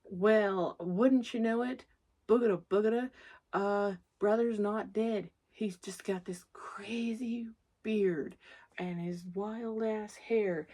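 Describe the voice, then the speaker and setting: A movie reviewer with a warm, mid-range voice gives a casual, rambling recap of a film. She swears freely, laughs a lot, and is candid throughout, often drifting into asides to herself.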